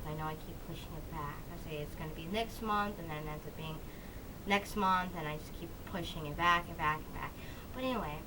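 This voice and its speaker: A woman vlogging casually, squealing and breathless with excitement, shaking and tearful, then chatting in a rambling way. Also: on the low side, background noise. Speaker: wrestling vlogger. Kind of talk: casual vlog talk.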